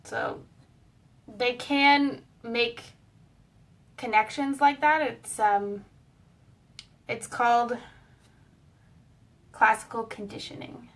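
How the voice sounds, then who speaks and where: A woman's voice: a little high, fairly even intonation, takes it slowly, pauses often, a bit bright, recorded from a distance. A woman giving a casual, explanatory online lesson as a pet wellness educator, with a few small fillers.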